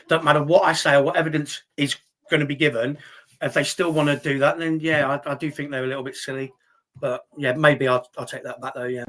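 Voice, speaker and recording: A man's voice: a little high, a bit bright. A middle-aged man hosting a live stream, reading chat comments aloud and answering them bluntly and argumentatively, swearing often. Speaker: livestream host reading chat.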